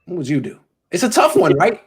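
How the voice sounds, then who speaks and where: A man's voice: high-pitched, huge pitch swings, fairly quick, slightly rough. Rambling man hosting a call-in show. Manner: loose, rambling, joking. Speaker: host.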